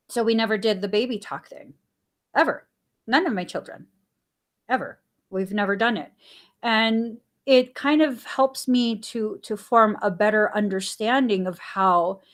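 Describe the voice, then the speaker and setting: A woman hosting a spiritual podcast, telling a family story in a casual way. She acts out the quoted dialogue and laughs often. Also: medium pitch. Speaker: podcast host.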